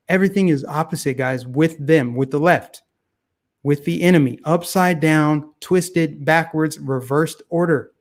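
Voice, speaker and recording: A man hosting a casual talk show, giving opinionated political commentary that is animated and heavy on repeated phrases. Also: a little high.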